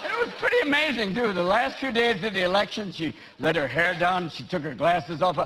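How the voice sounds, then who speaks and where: High-voiced, animated stand-up comedian. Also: male voice. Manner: fast, mocking, animated. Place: large theatre with audience. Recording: loud noise, live theatre.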